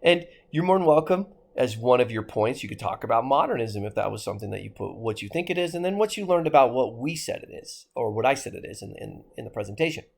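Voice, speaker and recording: A man's voice: mid-range voice, expressive, quick pace, vocal fry, few pauses, breathy edge. A man with a Midwestern American accent giving a history lecture to his class, asking rhetorical questions as he goes. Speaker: history teacher.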